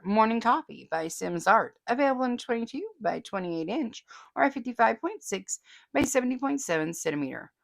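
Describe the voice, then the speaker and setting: A woman's voice: fairly high pitch, vocal fry. A chatty woman, hosting a casual vlog and reading viewer comments aloud with frequent laughter. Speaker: host.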